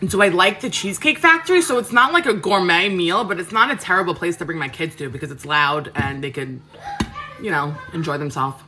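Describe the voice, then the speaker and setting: A woman talks frankly and casually to viewers on a live stream from her home kitchen. Her voice is bright and forward, sitting a little low for a woman. She rambles with fillers and quick restarts. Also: slight background noise. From Queens, New York. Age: 30s. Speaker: cooking livestream host.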